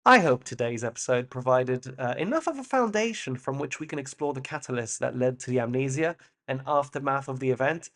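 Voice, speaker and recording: A man's voice: mid-range voice, lively intonation, brisk, fairly bright tone. A man hosting a solo podcast, musing in a playful way with loose asides and the occasional swear word. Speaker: podcast host. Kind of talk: reflective solo monologue.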